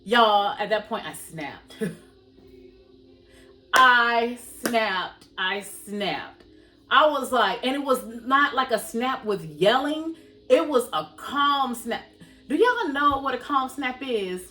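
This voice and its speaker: A woman's voice: sits high, sing-song, slow, fairly bright tone, far from the mic, soft background music, rough recording. A woman casually tells a personal story to her viewers, talking them through it and acting out what people said. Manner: chatty, addresses viewers as y'all, acts out quoted dialogue. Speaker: vlogger telling a personal story.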